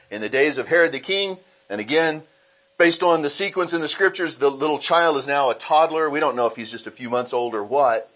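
A man preaching a sermon as pastor, reading scripture aloud and explaining it, slipping into acted voices for the people in the story. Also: mid-range voice. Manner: animated, acts out quoted voices.

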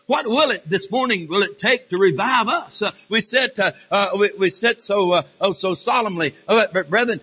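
A man's voice: high voice, sharp tone, slightly rough. A man preaching a sermon with passion, often stumbling and restarting his phrases. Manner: impassioned, halting with repeated restarts and fillers. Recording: reverberant hall.

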